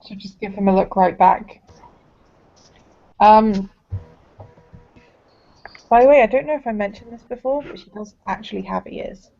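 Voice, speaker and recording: A woman playing a tabletop game, describing her character's actions in a relaxed, matter-of-fact way. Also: medium pitch, moderate pace, gravelly, pauses often. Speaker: player. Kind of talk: casual tabletop game chat. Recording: muffled lo-fi recording.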